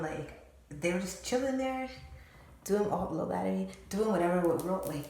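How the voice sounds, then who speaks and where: A woman's voice: medium pitch, normal speed, creaky. A young woman telling a storytime vlog story in casual slang, swearing freely and packing her talk with "like". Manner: slangy, profane, animated retelling with lots of "like". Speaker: storytime vlogger. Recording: very echoey room, faint noise.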